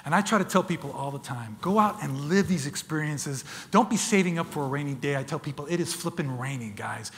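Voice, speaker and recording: Fast, bright, animated man in a hall. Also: fairly high pitch. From United States. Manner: animated, dramatic storyteller, acts out sounds and voices, addresses the crowd as folks. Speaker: wildlife photographer giving a talk. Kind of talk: lively storytelling presentation to an audience. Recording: long hall reverb.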